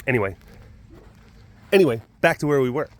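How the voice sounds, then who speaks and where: A man's voice: medium pitch, expressive, brisk. A man who hosts a big cat facility's webcast, talking casually and in a rambling way outdoors, restarting his sentences and laughing often. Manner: chatty and meandering, many restarts, laughs often, now and then mimics animal sounds. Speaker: big cat sanctuary keeper and webcast host. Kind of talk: casual rambling talk to camera. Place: outdoors at a wild animal facility.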